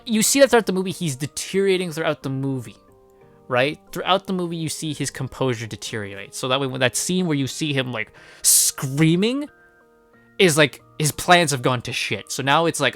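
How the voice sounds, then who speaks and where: A man giving a casual spoken movie review, rambling and swearing freely, with animated outbursts. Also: a little high, fairly quick, soft background music. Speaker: film reviewer.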